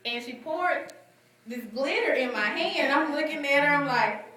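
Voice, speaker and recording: A woman's voice: high-pitched, lively intonation, measured pace, pushed and bright. A woman giving a testimony from the pulpit, telling her story and acting out both sides of the conversation. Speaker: guest speaker. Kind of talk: testimony to a church congregation. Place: church sanctuary with congregation responding. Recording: roomy, distant church recording with crowd. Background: congregation calling out responses.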